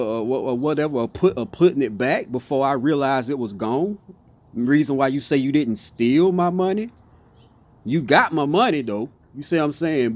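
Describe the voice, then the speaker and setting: A man whose voice is on the high side with a darkish tone gives a passionate, improvised monologue. As a motivational speaker he repeats himself, keeps saying "you see what I'm saying," and trips over words before restarting, all in a casual manner.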